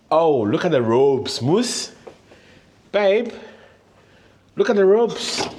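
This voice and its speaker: Gushing man giving an excited tour. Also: medium pitch. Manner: exclaiming, gushing. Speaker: travel vlogger. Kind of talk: excited hotel room tour vlog. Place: hotel suite, indoors.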